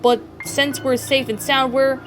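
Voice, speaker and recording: A woman's voice: high-pitched, little pitch movement, measured pace, a bit bright. A woman voicing a stern, protective female gem who lectures firmly, in a fan story reading. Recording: faint background music.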